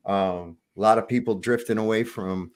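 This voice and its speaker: A man's voice: fairly low pitch, steady tone, moderate pace. A man hosting a casual talk show, telling jokes and rambling loosely with plenty of swearing. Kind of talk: casual chat, joke telling.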